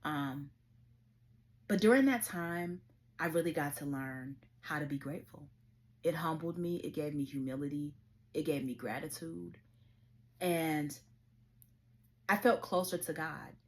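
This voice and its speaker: A woman's voice: sits low, measured pace, pauses often. A woman hosting her own show, telling a personal story in an earnest, emotional way. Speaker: show host. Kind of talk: personal testimony vlog.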